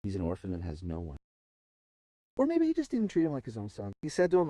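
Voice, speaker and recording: A man recounting a folk tale with a lively, rising-and-falling delivery. His voice is lowish and mellow, and it sits close and dry with no room sound. He leans hard on some phrases and lets others fall almost to a murmur. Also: fast talker, no echo. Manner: expressive, swings from soft to emphatic. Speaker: storyteller. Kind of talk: dramatic oral storytelling.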